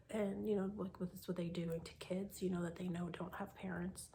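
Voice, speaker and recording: A woman around forty telling a personal faith testimony in a soft, often half-whispered voice, halting with many fillers. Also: lowish voice, level tone, vocal fry. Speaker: vlogger sharing a faith testimony.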